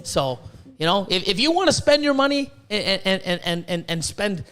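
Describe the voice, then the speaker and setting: A man's voice: sits high, sing-song, moderate pace, a bit bright, clean tone. A man hosting a podcast, ranting in a worked-up, profane way, with stammered restarts and repeated words. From Canada. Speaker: podcast host. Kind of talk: casual ranting podcast talk.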